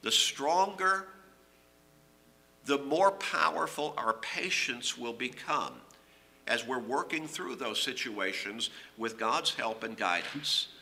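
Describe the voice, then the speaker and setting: A middle-aged man preaching a sermon, earnest and emphatic, rising on key phrases and dropping low at the ends. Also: lively intonation, takes it slowly, pushed and bright.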